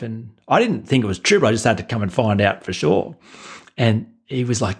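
A man's voice: medium pitch, fairly quick, breathy edge. A man, a life coach, telling stories in an interview and acting out the dialogue he recalls. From Australia. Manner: animated storyteller acting out dialogue, frequent restarts. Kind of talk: conversational interview storytelling.

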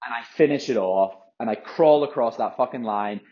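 A man's voice: mid-range voice, normal speed, slightly rough. Fired-up young man swearing through a podcast. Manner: fired-up, swears often, rambling restarts. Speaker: podcast host, runner. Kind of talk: casual solo podcast monologue. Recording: dull lo-fi audio.

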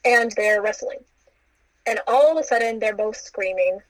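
A woman's voice: mid-range voice, normal speed, dry recording, poor audio. A young woman casually recounting a story, acting out the quoted lines with playful asides. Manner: animated, acts out quotes with playful asides and laughs.

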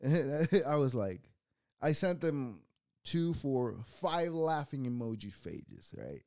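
A man's voice: medium pitch, big pitch swings, takes it slowly, dark tone, dry recording, clean studio sound. A young adult man hosting his own show, ranting casually with a lot of swearing and mocking laughter. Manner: profane, mocking, laughs often. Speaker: podcast host.

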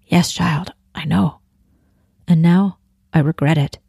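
A woman's voice: sits low, fairly even intonation, slow pace, vocal fry, warm tone, husky, no echo, studio quality, full character voice. A woman reading aloud as an anguished, protective father in a storybook passage. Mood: resigned. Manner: emphatic read-aloud storybook dialogue.

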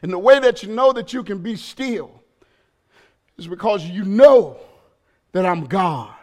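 A man preaching a sermon as pastor, telling a personal story and building up to shouted, emphatic preaching. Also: high voice, expressive, a little slow.

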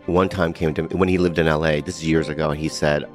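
A comedian telling casual, profane stories on a podcast, acting out quotes of others. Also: male voice, extremely low pitch, quick pace, over music. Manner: animated, profane, acts out quotes.

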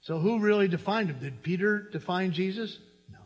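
Animated man preaching in an echoey hall. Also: high voice, moderate pace, muffled recording. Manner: animated, conversational preaching with repetition. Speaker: pastor. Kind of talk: sermon.

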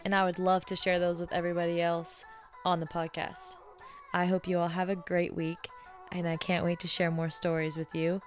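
Young woman podcaster, kinda low voice, chatty and animated, acts out all the quotes. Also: normal speed, faint music behind. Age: 20s. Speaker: podcast host. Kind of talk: casual storytelling.

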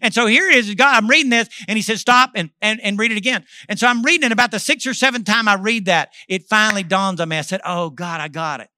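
Bright-voiced preacher telling a story. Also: male voice, high-pitched, quick pace, hardly any pauses, no room sound, studio quality. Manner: storytelling, swings from loud to hushed. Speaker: pastor. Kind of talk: sermon.

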